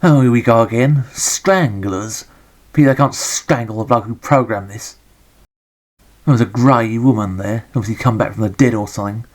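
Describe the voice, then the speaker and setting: Man, English accent, grumbling, sarcastic, joking, retro game commentary, middle pitch. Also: normal speed, darkish tone.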